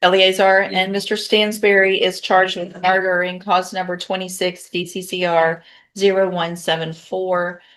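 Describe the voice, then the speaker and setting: A woman presiding as judge, her voice sitting fairly low. She moves through the court's business briskly and procedurally, speaking from a courtroom. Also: little pitch movement, a bit bright. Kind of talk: presiding over a court hearing.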